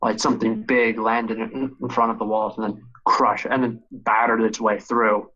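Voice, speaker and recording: A man running a tabletop game as game master, describing scenes in a hesitant, halting way. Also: on the low side, flat delivery, bright, forceful tone, muffled recording.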